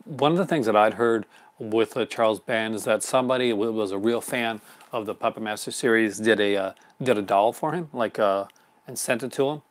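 Quick, rambling male host. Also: lowish voice. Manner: rambling, quick, chuckling often. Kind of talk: casual live unboxing chat.

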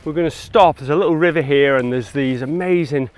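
Out on a mountain, this English photographer vlogs with enthusiasm as he hikes and takes pictures. He speaks a little high and a little fast, and the audio quality is low.

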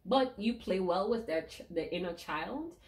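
A woman with a lilt delivers a tarot reading straight to her viewers. She talks with emphatic feeling at a mid-range pitch, repeating her key lines for weight. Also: lively intonation, normal speed. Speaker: tarot reader.

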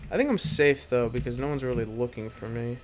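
A man's voice: medium pitch, fairly quick. A young man playing a horror game at home, commentating in a frantic, profane way and repeating panicked phrases over and over. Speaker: gamer. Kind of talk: let's play commentary. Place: bedroom at home.

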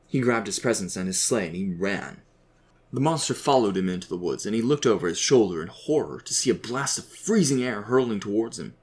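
A man reading a fictional holiday story aloud in an even, gentle storytelling manner. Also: lowish voice. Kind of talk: scripted story narration.

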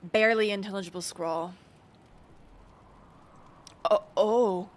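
A woman's voice: medium pitch, fairly even intonation, slow. A woman streaming a game, chatting casually, giggling and greeting viewers in chat by name. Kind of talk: casual let's-play commentary.

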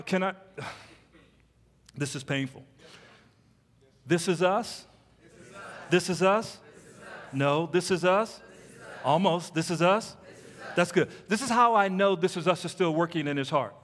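A man preaching as a pastor, telling stories in an animated way and teasing the congregation with playful asides. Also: high voice, measured pace, pauses often, some chatter behind. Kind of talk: sermon. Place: church sanctuary. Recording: long hall reverb.

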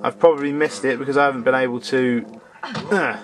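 A man's voice: medium pitch, steady tone, brisk, slight background noise. A man giving casual, sarcastic commentary while playing a video game. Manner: grumbling, sarcastic, talks to the game characters. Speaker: let's play commentator.

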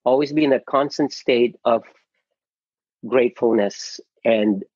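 Guest actor, middle-aged man from the Philippines, husky and earnest, muffled call audio. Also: medium pitch, a little slow, darkish tone, no room sound. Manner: earnest and emotional, with many restarts and repeated words. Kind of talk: casual interview storytelling.

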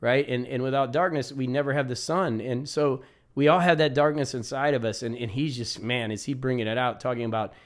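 A man's voice: medium pitch, fairly even intonation, fairly quick. A man with a mid-range voice gives casual, enthusiastic commentary as a reaction video host. He leans on repeated words for emphasis, and guitar music plays behind him.

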